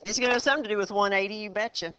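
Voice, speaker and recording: There's a little hiss or hum behind this woman's pushed, bright, mid-range voice. She's giving a classroom math lesson, questioning her students and taking them through problems step by step in a brisk, encouraging manner.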